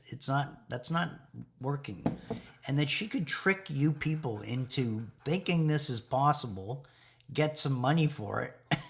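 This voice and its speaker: A man's voice: medium pitch, creaky, a bit bright. A man talking in a rambling spiritual monologue, laughing now and then and sometimes dropping to a whisper. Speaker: video host.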